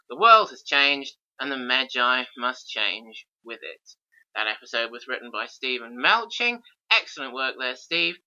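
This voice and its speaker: A man's voice: medium pitch, sharp tone. A man giving a casual audio commentary on an episode, enthusiastic with wry asides. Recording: dull lo-fi recording.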